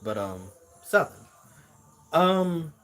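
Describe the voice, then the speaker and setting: A man's voice: fairly high pitch, big pitch swings, very slow. A man giving a casual spiritual card reading to viewers, musing aloud and repeating words as he searches for messages. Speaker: tarot reader.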